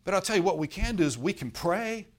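A man's voice: high voice, lively intonation, fast. A middle-aged man preaching a sermon as pastor, in a conversational way, putting rhetorical questions to his congregation.

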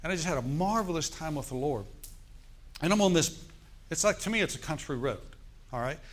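This is a middle-aged male preacher with a somewhat high voice, talking a little fast. He delivers a sermon story in an animated, chatty way and asks the congregation questions.

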